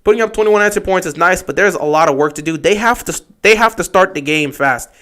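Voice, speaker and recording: A young man hosting a livestream, giving excitable play-by-play reactions to football games that swing from shouting to muttering. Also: high voice, quick pace. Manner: excitable, shouts at big plays then mutters. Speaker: livestream host. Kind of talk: live football watch-along commentary.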